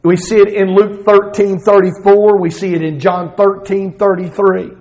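High-voiced Southern preacher. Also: male voice, moderate pace, low-quality recording. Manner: expressive preaching, voicing Jesus in bursts. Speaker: pastor. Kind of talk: sermon.

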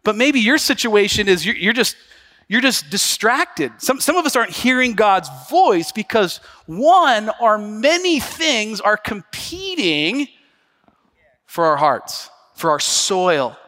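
A male pastor preaching from the pulpit, his voice high and bright. He talks to the congregation like friends, breaking into loud acted-out quotes and jokes before settling back into earnest teaching. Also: slow pace. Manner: animated, acts out quotes with big jumps in pitch and volume; conversational, jokes and asides to the congregation. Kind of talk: sermon. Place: church sanctuary.

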